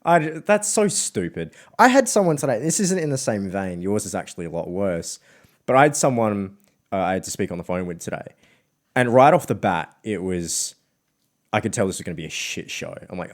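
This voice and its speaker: A man's voice: fairly low pitch, fairly quick. Young man, basketball podcast co-host, heated and sweary, voice bouncing up and down a lot. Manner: excitable, swears often, animated. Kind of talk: casual sports chat.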